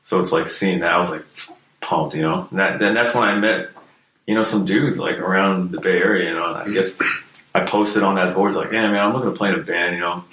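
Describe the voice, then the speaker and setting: Deep-voiced and slightly bright, a man speaks a little fast with fairly even intonation. As a hardcore musician guest, he recounts his music history casually, full of fillers and cursing. The recording has roomy echo and faint noise.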